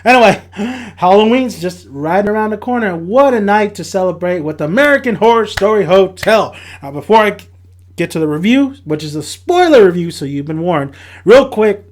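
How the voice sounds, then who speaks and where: A chatty young man talks through his thoughts on a TV episode in a loose, rambling way. His voice sits high for a man, and he often stops to restart or fix a word before pressing on. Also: animated, normal speed. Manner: chatty, rambling, self-correcting. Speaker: TV review vlogger. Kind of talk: casual spoken review.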